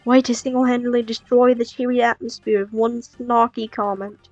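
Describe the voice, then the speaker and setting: A woman's voice: a little high, little pitch movement, normal speed, a little mellow, no room sound, soft background music. A woman giving snarky, joking commentary over a game playthrough. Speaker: let's player. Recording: dull dry lo-fi recording.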